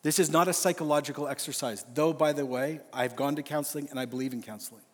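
A man's voice: on the high side, fairly even intonation. A man preaching an earnest, emphatic sermon at a men's conference. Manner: earnest, emphatic, slows for a read-out prayer. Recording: live hall reverb, faint music.

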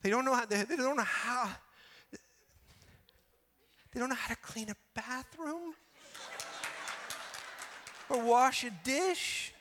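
Bright high-voiced male pastor preaching. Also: in a large hall. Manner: animated, acting out excuses with rapid repetitions. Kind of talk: sermon.

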